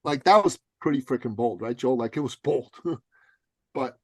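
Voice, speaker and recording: A man's voice: medium pitch, expressive, normal speed, darkish tone, husky, dry recording. A man telling a story as a podcast guest, blunt and emphatic, swearing casually. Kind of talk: animated storytelling.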